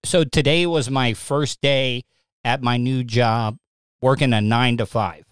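A man hosting a live stream in a clear, resonant voice that stays unhurried and drawn out. He rambles casually, stumbles over his words in repeated restarts, and grows agitated at times. The sound is dry and close, with almost no room around it. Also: medium pitch, steady tone, no echo. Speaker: live stream podcast host. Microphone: streaming setup mic.

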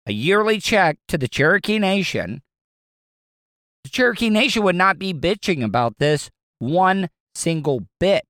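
Southern talk radio host, male, somewhat high smooth voice, blunt and rambling, dry studio sound. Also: a bit bright, dry recording. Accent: Southern American. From American South. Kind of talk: opinionated talk radio monologue.

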